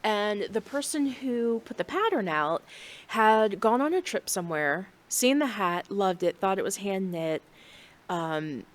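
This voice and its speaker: A woman's voice: mid-range voice, lively intonation, a little slow. A middle-aged woman hosting a knitting podcast from home, talking in a candid, rambling casual chat. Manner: chatty and candid, rambling with fillers.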